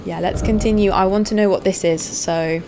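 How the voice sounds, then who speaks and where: A young woman playing a video game, chatting casually to viewers and getting excited and swearing as she explores. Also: medium pitch, moderate pace, over music. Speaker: let's play host. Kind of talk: casual gameplay commentary. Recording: background noise under voice.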